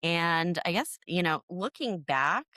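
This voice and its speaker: A woman's voice: lowish voice, lively intonation, takes it slowly, bright, forceful tone, no room sound. A woman hosting a podcast interview, chatty and enthusiastic, with lots of "like" fillers. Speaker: podcast host. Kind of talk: casual interview chat.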